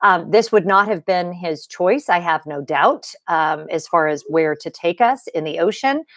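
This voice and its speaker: A woman's voice: lowish voice, lively intonation, a little slow, fairly bright tone, no echo, clean studio sound. A woman hosting a casual livestream from her home computer, chatting loosely with viewers and greeting them by name as she talks. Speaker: livestream host.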